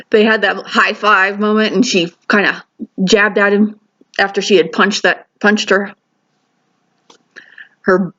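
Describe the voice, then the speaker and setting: A woman's voice: mid-range voice, a bit bright. A woman talks through a TV episode review in a chatty, enthusiastic way, often restarting her sentences and going off on asides. The recording sounds a little dull and lo-fi. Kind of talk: casual spoken review.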